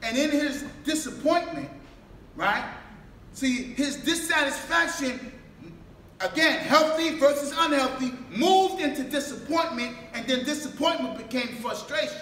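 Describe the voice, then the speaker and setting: A man delivers a sermon with a very high, bright, forceful voice. He asks question after question, waits for the congregation to answer, and rises to shouts. He was recorded from a distance in a roomy, echoing hall. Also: a little slow. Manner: rhetorical questions, calls for responses, builds to shouts. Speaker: mosque minister. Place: mosque hall. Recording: echoey room, distant mic, faint background noise.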